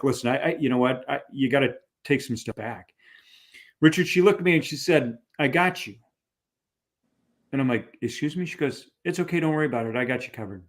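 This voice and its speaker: Man telling a story with many restarts. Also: medium pitch. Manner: animated, many fillers and restarts. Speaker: guest. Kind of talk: conversational storytelling.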